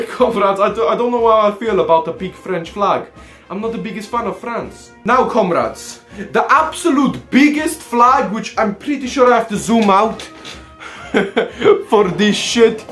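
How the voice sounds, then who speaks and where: A man's voice: high voice, animated, unhurried, fairly bright tone, roomy sound, soft background music. A young man casually showing off his collection to viewers, brash and sweary, calling everyone "comrades" in a playful persona. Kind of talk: casual comedic vlog.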